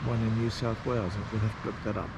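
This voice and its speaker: A man casually narrating a road trip outdoors, rambling with pauses and fillers. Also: on the low side, flat delivery. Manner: slow, rambling, pausing with fillers. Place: outdoors at campsites and parks. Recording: noisy outdoor recording.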